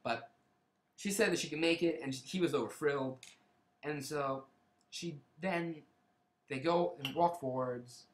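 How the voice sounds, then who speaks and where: Rambling man in an echoey room. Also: medium pitch. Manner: rambling, with frequent restarts and hedging asides. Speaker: book reviewer. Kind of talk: casual spoken plot summary.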